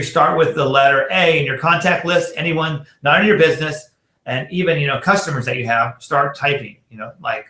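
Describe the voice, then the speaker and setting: A bright, forceful man gives a chatty training talk to a room of sales reps. His voice sits a little higher than most men's. He acts out text message exchanges and fills his talk with "you know" and "like", and the sound carries an echo from the room. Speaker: network marketing trainer.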